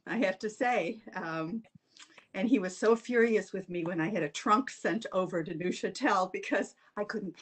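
A woman's voice: medium pitch, slightly rough. Older woman telling a story with laughs. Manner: chatty, laughs through her stories. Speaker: alumna panelist. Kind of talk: storytelling on a panel.

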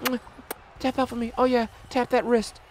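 A man's voice: very high-pitched, a little fast, background noise, voice pushed up. A man voicing a cocky, trash-talking male wrestling champion, taunting and swearing in character. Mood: boastful, taunting. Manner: taunting, profane, boastful shouting. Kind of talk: in-character trash talk over gameplay.

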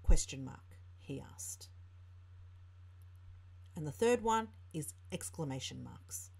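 A woman's voice: deep voice, animated, slow, vocal fry, dark tone, breathy edge. A woman tutor with an Australian accent, explaining a writing lesson and reading example sentences aloud. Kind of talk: teaching lesson narration.

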